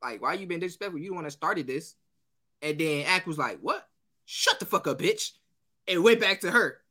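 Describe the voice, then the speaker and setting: Speaking fast in a slightly high voice, a podcast co-host animatedly recounts a story on a casual show. He acts out the quotes and laughs frequently.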